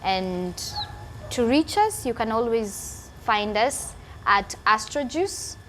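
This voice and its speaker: A woman's voice: a little high, very animated, slow pace, a bit bright, slight background noise. Earnest woman in her twenties. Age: 20s. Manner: emotional, earnest, repeats phrases for emphasis. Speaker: guest. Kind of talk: personal testimony interview.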